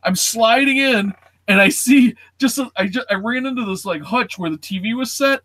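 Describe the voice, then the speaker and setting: Male host in his forties, casual storyteller who acts out voices and sounds; bright, forceful tone. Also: very high-pitched, moderate pace, dry recording. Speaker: show host. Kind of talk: casual chat.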